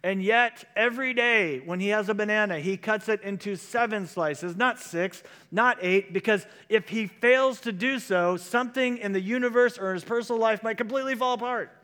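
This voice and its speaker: A man's voice: high voice, normal speed, few pauses, sharp tone. A man preaching a sermon as pastor, in a conversational style that moves into quoted voices. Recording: long hall reverb.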